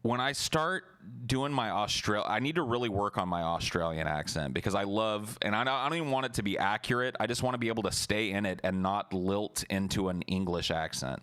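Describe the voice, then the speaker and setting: A man with a very low voice chats casually on a live stream, rambling and swearing freely. His speech starts and stops with restarts as he reacts. The sound is close and dry, with little room. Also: expressive, brisk, few pauses, fairly bright tone, clear, resonant tone, no room sound. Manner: loose, profane and rambling, with many restarts. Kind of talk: casual late-night stream chat.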